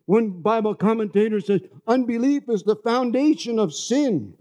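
A man from New York City preaches a sermon in a high but mellow voice. He talks in a loose, conversational way and keeps asking his listeners for an amen. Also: animated, normal speed. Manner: conversational, asks the congregation "amen?".

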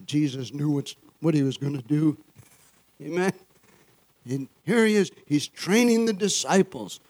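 A man's voice: on the high side, a little slow, darkish tone, dry recording. Dry-toned man preaching a sermon. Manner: call-and-response, frequent "Amen?" and chuckles. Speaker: pastor.

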